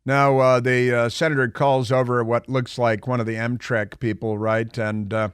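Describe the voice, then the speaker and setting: A man's voice: mid-range voice, flat delivery, normal speed, background noise. Sarcastic male talk radio host. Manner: combative, sarcastic, asks mocking rhetorical questions. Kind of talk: opinionated talk radio monologue. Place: radio studio. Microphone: studio microphone.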